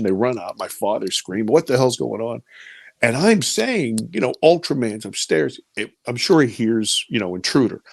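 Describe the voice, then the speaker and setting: Gravelly-voiced man telling a vivid story. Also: medium pitch, no echo, clean studio sound. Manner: vivid storyteller who repeats words when caught up in the story. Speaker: interviewee recounting an encounter. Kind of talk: personal storytelling testimony.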